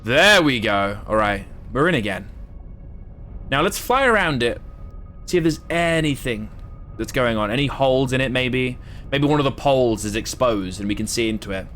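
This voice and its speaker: A man's voice: mid-range voice, lively intonation, moderate pace, a bit bright, soft background music. A man from Southwest England with an English accent that has American influences. He gives casual, chatty live gameplay commentary and swears freely. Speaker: streamer.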